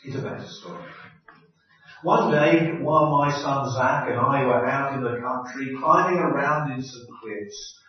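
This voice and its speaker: A man preaching a sermon, telling stories in a slow, deliberate way with pauses and small hesitations. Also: mid-range voice. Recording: echoey hall, distant dull mic.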